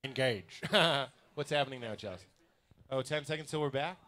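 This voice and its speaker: A man's voice: medium pitch, normal speed, a bit bright. A man hosting a live comedy podcast in a restaurant basement, playful and laughing often as he talks. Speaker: podcast host.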